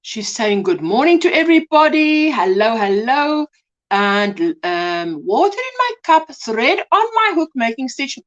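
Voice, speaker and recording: A South African woman hosts a crochet livestream, with a high voice that swings up and down a lot. She reads out viewer comments and greets people by name, calling them sweetheart and tagging sentences with "hey?". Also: big pitch swings, measured pace, highs cut off. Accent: South African English. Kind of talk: casual live chat reading comments.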